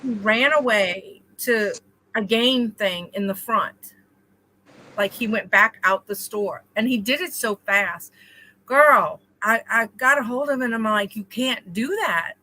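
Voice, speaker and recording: A woman co-hosting a casual chat between friends, telling animated stories and addressing listeners casually. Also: a little high, a little slow, rough recording. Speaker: co-host.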